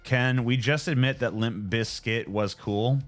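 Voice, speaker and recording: A man's voice: medium pitch, unhurried, faint music behind. A man in his twenties chatting casually on a live stream, joking and swearing as he answers viewers. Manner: joking, profane, laid-back.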